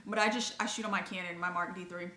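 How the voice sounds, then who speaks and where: A woman in her thirties from the Dallas area talks through a casual vlog Q and A, chatty and full of rambling asides. Her voice is bright and forward. She is recorded on a camera mic in an echoey room of an old house. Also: fairly low pitch, steady tone, quick pace, slight background noise. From Texas, Dallas area. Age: 30s. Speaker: lifestyle and travel blogger. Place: inside a historic house. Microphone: on-camera mic of a DSLR.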